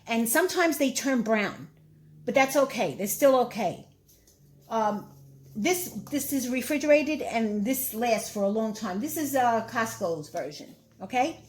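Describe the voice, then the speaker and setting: A woman's voice: on the high side, expressive, a little slow, slight background noise, low-quality recording. A woman with a Brooklyn accent giving a casual, chatty cooking how-to, rambling a little and repeating herself with fillers. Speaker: cooking vlogger.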